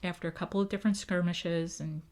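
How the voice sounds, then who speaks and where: A woman's voice: lowish voice, fast talker. A woman who works as a town historian, telling history in a casual podcast interview and often checking in with "right?". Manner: lively, acts out quoted voices, often adds "right?".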